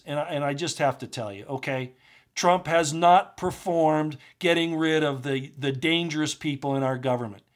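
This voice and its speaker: A man hosting his own channel, delivering an impassioned political monologue that builds from subdued to heated, full of rhetorical questions. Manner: starts low and subdued, grows loud and agitated, rhetorical questions. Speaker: commentary channel host.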